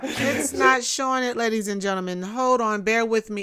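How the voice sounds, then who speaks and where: A woman's voice: on the high side, steady tone, slow pace, fairly bright tone. A woman hosting a casual livestream from a home setup, chatting straight to her viewers in a self-deprecating, informal way. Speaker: livestream host. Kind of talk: casual live commentary.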